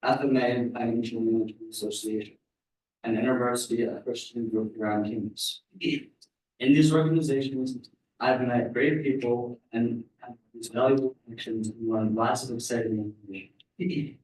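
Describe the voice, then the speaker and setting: A man's voice: medium pitch, fairly even intonation, normal speed, a little mellow. A young man, a college freshman, reading an earnest, formal prepared statement in an echoey room from some distance. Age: young adult. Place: student government meeting room. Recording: echoey room, mic far off.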